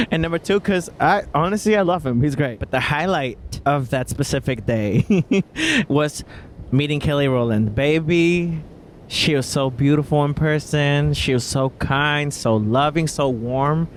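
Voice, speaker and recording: A man, a singer-songwriter and podcast host, tells casual stories in an expressive way, laughing often and calling the listener baby. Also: a little high, unhurried, a little hiss or hum. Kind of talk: casual storytelling monologue. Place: Los Angeles, indoors.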